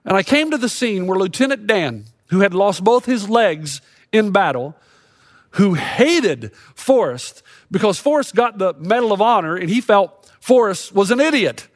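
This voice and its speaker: A middle-aged male pastor delivers a sermon in a lively storytelling manner. His voice sits fairly high for a man. The sound is close and dry, with no room echo. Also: unhurried. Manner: storytelling, acts out quotes with rising intensity.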